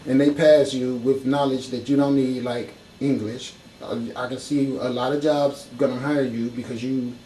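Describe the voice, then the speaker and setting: A man's voice: medium pitch, mellow, slight background noise, low-quality recording. A man giving an impassioned, profane talk full of rhetorical questions. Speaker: speaker in a discussion.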